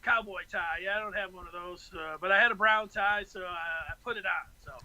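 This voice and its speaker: A man's voice: high voice, fairly even intonation, a little fast, a loud crowd, poor audio. A man co-hosting a sports talk podcast, easygoing and joking in casual banter. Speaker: podcast co-host.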